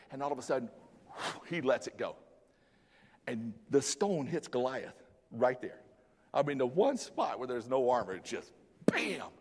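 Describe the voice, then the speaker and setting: Animated male pastor in a reverberant sanctuary. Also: medium pitch, husky. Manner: animated, dramatic, casual slang. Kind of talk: sermon. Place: church sanctuary. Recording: long church hall reverb.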